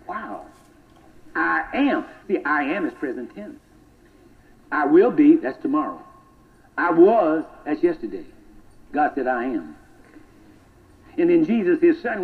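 A man preaching a sermon with rhythmic repetition, swinging from hushed whispers to loud emphasis. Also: a little high. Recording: tinny phone-like sound.

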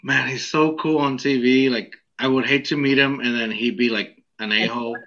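A man's voice: medium pitch, fairly even intonation, normal speed, fairly bright tone, lo-fi sound. A man co-hosting a podcast in casual chat, laid-back and hesitant, often laughing. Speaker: podcast co-host.

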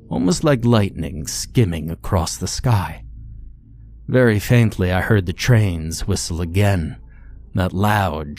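A man narrating a horror story in a measured, grim first-person telling. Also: low-pitched, darkish tone, a little hiss or hum.

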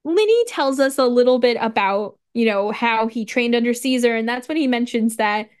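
A woman co-hosting a podcast, casually recapping a story with lively retellings, frequent "like", casual swearing and laughter. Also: a little high, normal speed, smooth. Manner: animated storytelling, acts out dialogue, frequent "like". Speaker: podcast co-host. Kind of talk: casual chat recapping a video game story.

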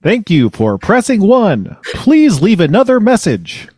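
A man's voice: high-pitched, wildly swooping pitch, darkish tone, breathy edge, no echo, studio quality, voice pushed up, full character voice. Man doing a stiff answering-machine voice. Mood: mechanical. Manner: slow, overly formal recorded-message delivery.

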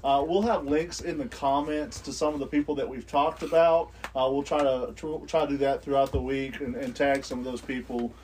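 A man's voice: medium pitch, steady tone, normal speed, few pauses, darkish tone. A man co-hosting a casual podcast, joking and hesitant with frequent fillers. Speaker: podcast co-host.

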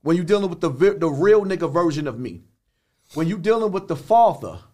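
Older new guy on a podcast, blunt street talk, keeps restarting, kinda high voice. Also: sing-song, brisk, mellow. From the Bronx, New York. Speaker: guest. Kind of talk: podcast interview.

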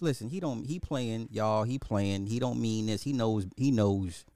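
A man hosting a livestream, chatting casually with his viewers in a teasing, animated way. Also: measured pace, hardly any pauses, no echo, faint music behind. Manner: animated, teasing, swoops in pitch. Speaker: livestream host.

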